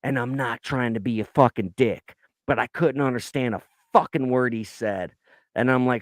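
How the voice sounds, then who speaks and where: A man's voice: mid-range voice, normal speed, dry recording. A man from the United States riffing in crude, casual podcast chat. He swears constantly and rants. The recording is dry and close. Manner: profane, ranting, mimics voices in stories. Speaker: podcast co-host.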